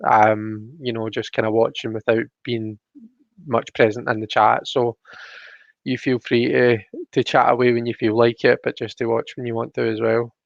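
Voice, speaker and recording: Male stream host, gravelly, chatty, dull dry home-mic sound. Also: medium pitch, level tone, moderate pace, dry recording. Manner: chatty, greets viewers by name, reads chat aloud. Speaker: livestream host. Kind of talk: casual live-stream chat.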